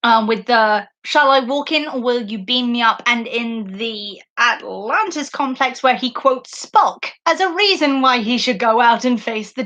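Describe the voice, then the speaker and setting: A woman's voice: a little high, sharp tone. A young woman hosting a podcast live stream, chatting casually and enthusiastically in a rambling way, full of fillers, on a basic microphone. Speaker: podcast host. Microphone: basic makeshift microphone.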